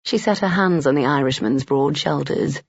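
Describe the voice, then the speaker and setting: Male narrator for a romance audiobook, steady and gravelly, on dull lo-fi audio. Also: on the high side, normal speed, no room sound.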